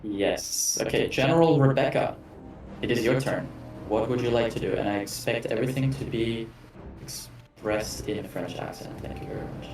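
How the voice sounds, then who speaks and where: A man running a tabletop game as game master, casual and self-correcting, with quick apologetic asides. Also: medium pitch, darkish tone. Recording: echoey room with faint background music, mic at a distance.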